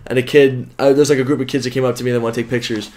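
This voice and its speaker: A man guesting on a casual podcast talks quickly at a medium pitch. He is chatty and eager, and he fills his stories with "like" and "dude". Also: flat delivery, darkish tone. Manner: chatty, eager storyteller, says dude and like often. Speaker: podcast guest, pro gamer. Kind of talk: casual chat.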